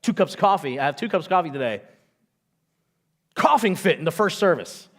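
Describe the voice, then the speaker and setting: A middle-aged man preaches a sermon in a church auditorium. He talks in a chatty, storytelling way and acts out the quotes, and his voice sits a little higher than most men's. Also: expressive, fairly quick, a bit bright. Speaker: pastor.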